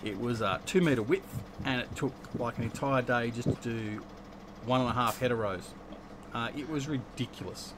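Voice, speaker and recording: The speaker is an Australian man streaming a game, chatting and joking as he reads viewer comments and replies. He speaks in a mid-range voice at an ordinary pace, with background noise present.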